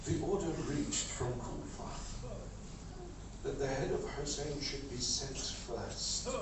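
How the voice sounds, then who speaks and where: A man reciting a mourning sermon in short repeated lines that build into a shouted lament. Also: medium pitch, fairly even intonation, slow pace, background noise. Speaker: majlis reciter. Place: large hall at a mourning gathering. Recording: echoey hall from far off with music.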